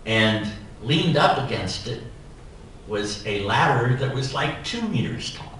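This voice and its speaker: A man giving a keynote speech as a society president, telling a personal anecdote in an animated, humorous way. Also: medium pitch, a little slow, a little hiss or hum. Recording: echoey hall, voice from far off.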